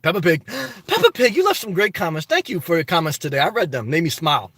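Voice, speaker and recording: A man's voice: a little high, sing-song, fast, fairly bright tone, no echo. A man reading chat on a phone live stream, talking politics in an emphatic casual way. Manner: emphatic, repeats "okay?" and "good job".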